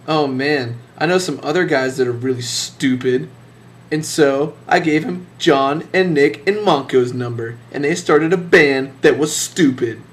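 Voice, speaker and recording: A young man telling a boastful, sarcastic mock story about leaving his band. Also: medium pitch.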